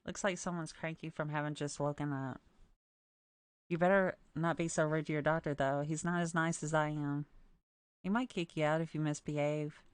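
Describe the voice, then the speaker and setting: A woman voicing a playful, teasing young nurse in a story game, in a low voice. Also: fairly even intonation, moderate pace, smooth, no room sound, lightly acted.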